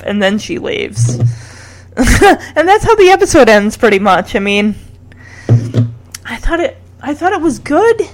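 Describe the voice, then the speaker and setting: A woman with a slightly high voice recaps a TV episode in casual vlog talk. She is chatty, opinionated and openly exasperated. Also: sing-song, a little slow, long pauses, slight background noise. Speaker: TV recap vlogger.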